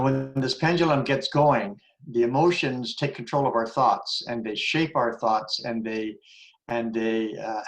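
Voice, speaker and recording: A man's voice: medium pitch, fairly bright tone, low-quality recording. A man in his seventies sharing an earnest, rambling reflection in a group discussion, full of restarts. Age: 70s. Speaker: forum participant.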